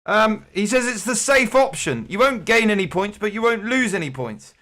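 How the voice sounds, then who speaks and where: A man's voice: high voice, animated, moderate pace, sharp tone. A man hosting an online quiz with jokey, rambling game-show patter. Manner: jokey, rambling, playful showman.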